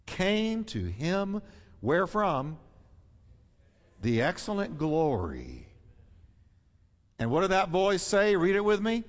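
A man preaching a sermon with emphatic delivery, rising to loud high peaks and dropping to hushed asides. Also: wildly swooping pitch, slow pace, pauses often. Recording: long reverb of a large hall.

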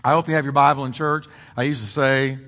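Man pastor, energetic sermon delivery, high bright voice, long church reverb. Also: quick pace. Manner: emphatic preaching with repetition and humor. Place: church sanctuary.

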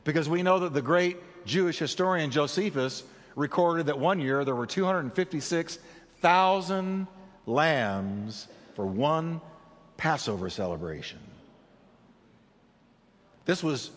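Male pastor, animated sermon delivery, slightly high voice, long hall reverb. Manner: dramatic preaching with big swings in pitch and slowed emphasis.

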